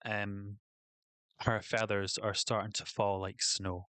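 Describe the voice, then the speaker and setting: A man narrating a tabletop game as game master, in a relaxed, halting way with many fillers. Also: fairly low pitch, clean tone, dry recording.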